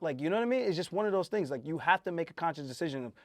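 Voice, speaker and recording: A man, a host and fighter, giving a casual fight breakdown in an emphatic, animated way and swearing freely. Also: fairly high pitch, racing, dry recording.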